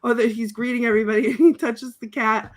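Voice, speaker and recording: A woman's voice: fairly high pitch, fast talker. A woman co-hosting a podcast, chatting casually and laughing a lot as she retells scenes and acts out the lines. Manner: giggly, animated, acts out quoted lines. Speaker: podcast co-host reviewing a film. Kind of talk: casual chat, recounting scenes from notes.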